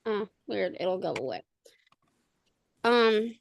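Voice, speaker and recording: On a video call, a podcast co-host and parent talks in a casual chat, rambling and frequently restarting amid plenty of fillers. Her medium-pitched voice is unhurried, and the recording is dry.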